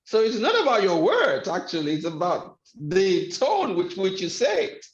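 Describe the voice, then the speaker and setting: A man's voice: high voice, huge pitch swings, normal speed. A man giving a motivational webinar lecture, speaking emphatically and repeating his key phrases. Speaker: webinar trainer. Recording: echoey room, dull sound.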